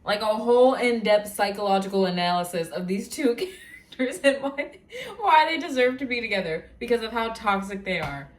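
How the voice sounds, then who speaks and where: A young woman vlogging in casual chat, talking in an animated, rambling rant full of filler words. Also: fairly high pitch, normal speed.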